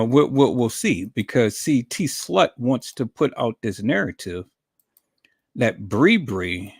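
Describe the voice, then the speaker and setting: A man runs a commentary live stream at an unhurried pace, often restarting his words. He greets viewers from the chat by name and keeps calling his audience "peoples". His voice sits in a middle pitch. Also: slightly rough. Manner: repetitive, addresses viewers as "peoples".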